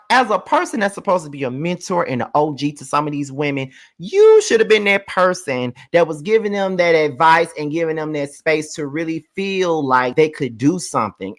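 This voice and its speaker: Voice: medium pitch, a bit bright. Mississippi drawl, blunt and profane. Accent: Mississippi Southern. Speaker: live review host. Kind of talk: casual live commentary.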